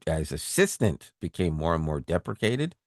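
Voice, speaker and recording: A man co-hosting a tech podcast in casual chat, animated, often laughing and repeating words. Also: low-pitched, normal speed, no room sound, studio quality. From Canada. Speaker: podcast co-host.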